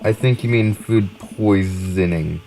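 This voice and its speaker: Man doing corny middle-aged dad, teasing, dad jokes, lowish voice, faint music behind. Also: takes it slowly, dark tone, rough recording. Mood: playful. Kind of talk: game dialogue read aloud.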